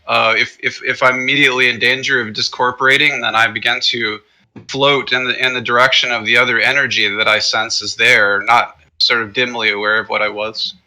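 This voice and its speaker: A man playing a tabletop game, thinking aloud in a halting way. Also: mid-range voice, bright, forceful tone, rough recording. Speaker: player. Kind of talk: casual tabletop play.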